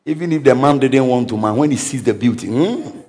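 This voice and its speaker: A man preaching an energetic sermon as pastor, breaking into sudden shouts and laughing at his own stories. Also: mid-range voice, fairly quick.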